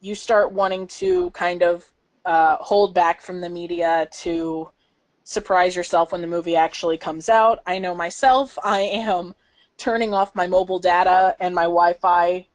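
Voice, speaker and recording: A young woman co-hosting a casual podcast, talking excitedly and chattily with plenty of fillers. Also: on the low side. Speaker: podcast co-host.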